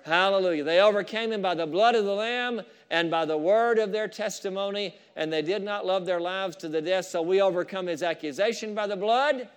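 A man preaching a fervent sermon, with asides to the congregation and rising shouts of praise. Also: high-pitched, fairly quick, few pauses, clear, resonant tone. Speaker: pastor.

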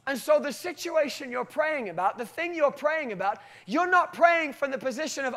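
A man preaching a sermon with animated storytelling and emphatic, halting restarts. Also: very high voice. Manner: animated storytelling, often breaking into acted voices.

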